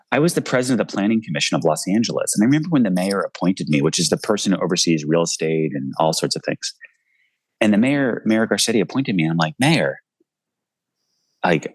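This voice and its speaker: In a video call interview from his home, a deep-voiced man in his forties, an author appearing as a guest, speaks earnestly and with passion in bursts. The recording has no room sound and the audio is poor.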